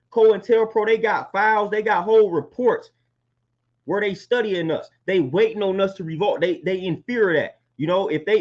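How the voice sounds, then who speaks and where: A man, hosting a live stream and delivering an impassioned monologue, repeating phrases for emphasis. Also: sits high. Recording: dull lo-fi stream audio.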